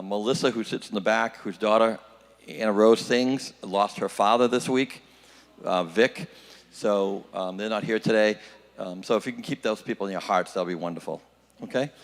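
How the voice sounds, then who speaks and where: A man making casual announcements at a church service. He speaks haltingly, with many fillers. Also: lowish voice, long reverb tail. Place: church hall.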